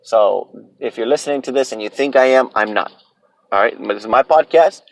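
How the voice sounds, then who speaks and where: A man's voice: medium pitch, a little fast, no echo, poor audio. A man in his thirties hosting a solo podcast, ranting bluntly and profanely about his opinions. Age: 30s. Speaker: podcast host.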